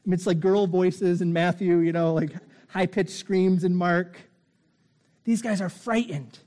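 A man preaching a sermon with a mellow, dark-toned voice pitched a little high. He moves between excited bursts and low, hushed intensity to drive his points home. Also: a little slow. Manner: dramatic, swings from loud excitement to hushed intensity. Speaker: pastor.

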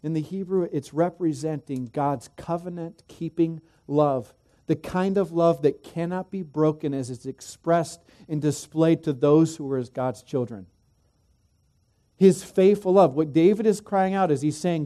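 Middle-aged pastor guy preaching, pitched a bit high but mellow, punchy then goes quiet and chatty. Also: normal speed. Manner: emphatic preaching that drops to quiet asides. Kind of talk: sermon.

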